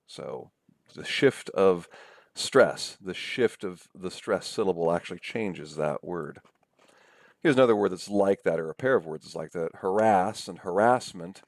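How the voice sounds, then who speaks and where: Lecturer: man, low raspy voice, patient and explanatory. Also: expressive, no room sound. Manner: explanatory, reads examples slowly. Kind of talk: recorded lecture.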